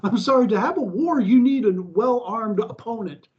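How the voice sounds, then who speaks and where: An American man with a notably high voice chats casually. He rambles, stopping and restarting his sentences as he works out what to say. The sound is muffled and lo-fi. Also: lively intonation, moderate pace, darkish tone. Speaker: co-host. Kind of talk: casual chat. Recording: dull lo-fi audio.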